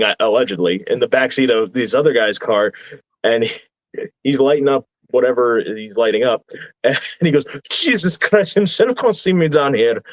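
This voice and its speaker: A man's voice: mid-range voice, no echo. A man in his thirties, a wrestler from New Jersey, telling rambling anecdotes in a casual podcast chat and chuckling as he goes. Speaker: wrestler guest.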